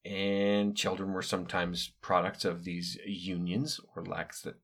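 A man's voice: low voice, little pitch movement, measured pace, a bit bright. A middle-aged man from the United States telling a story in a casual monologue, wry and digressive, with offhand asides and hesitant fillers. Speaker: podcast host recounting his upbringing.

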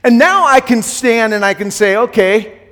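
A man's voice: very high voice, expressive, moderate pace. Middle aged guy preaching, earnest, stumbles and repeats himself, big echoey hall sound. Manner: earnest, repeats words, swings from loud to hushed. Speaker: pastor. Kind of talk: sermon.

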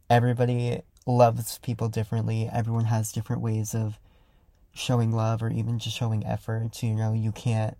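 A young man hosting a casual solo podcast, talking loudly and rambling with lots of fillers as he reflects. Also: medium pitch, gravelly, no echo. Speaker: podcast host. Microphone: close studio mic.

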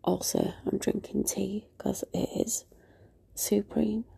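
A woman's voice: mid-range voice, steady tone, takes it slowly, gravelly, mellow, husky. A woman rambling through a casual podcast monologue while unwell, often sinking into a whisper. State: unwell with a virus.

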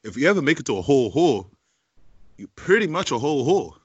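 A man's voice: medium pitch, very animated, quick pace, husky, no echo, dull audio. A man with a Baltimore accent breaking things down in blunt, profane slang on a podcast. His voice is close and dry, with no room sound. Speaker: podcast co-host. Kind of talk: casual podcast banter.

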